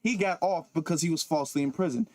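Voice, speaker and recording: A man's voice: a little high, fast talker, a little mellow, no room sound. A man giving reaction-video commentary, talking emphatically and repeating himself, with many interjections of "okay". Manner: repetitive, emphatic, often says okay.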